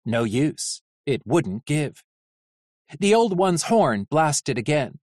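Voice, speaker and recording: An audiobook narrator reading a novel in an expressive, animated way. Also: mid-range voice, slow pace, no echo, clean studio sound.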